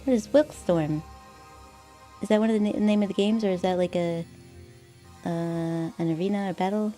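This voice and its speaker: A woman's voice: fairly low pitch, dark tone. Chatty woman streaming a game. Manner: chatty, thinking aloud with fillers and laughs. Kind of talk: casual gameplay commentary.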